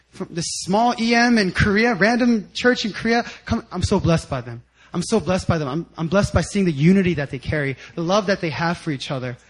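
A man preaching a sermon with personal stories, animated, sometimes shouting out quotes and laughing as he tells them. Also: high voice, rough recording. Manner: animated storytelling, acts out quotes loudly and laughs. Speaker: guest speaker at a church service.

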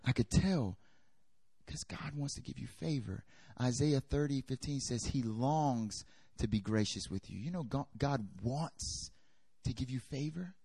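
A young adult man preaching a sermon, telling a personal story with lively, animated delivery and acting out the dialogue. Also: mid-range voice, measured pace, vocal fry, breathy edge, no room sound, clean studio sound. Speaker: pastor.

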